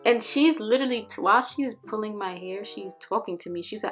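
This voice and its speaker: A young woman vlogger telling a casual storytime with animated, slangy delivery, acting out what people said. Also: mid-range voice, brisk, hardly any pauses, soft background music. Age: young adult.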